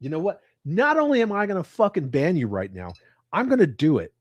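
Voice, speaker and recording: Foul-mouthed guy hosting a live stream from home, pitch jumps all over, dry close sound. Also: huge pitch swings, a little fast, no room sound. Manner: profane, joking banter. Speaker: livestream host. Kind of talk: casual chat with live viewers. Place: at home with his cats.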